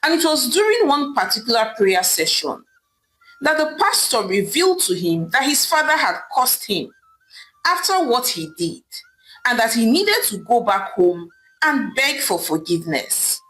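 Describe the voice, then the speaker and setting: A woman narrating a scripted folktale in an expressive, dramatic storytelling manner. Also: on the high side, a little slow, faint music behind, low-quality recording.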